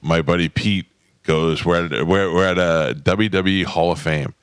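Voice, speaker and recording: A man hosting a radio talk show, relaxed and chatty, telling his own story. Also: deep voice, normal speed, clean tone, no room sound, studio quality. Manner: relaxed, interjecting, laughs along. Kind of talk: casual talk radio chat. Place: radio studio.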